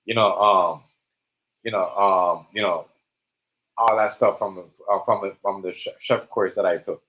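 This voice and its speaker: A man streaming a casual monologue, talking in animated street slang and repeating himself. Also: sits low, normal speed, lo-fi sound.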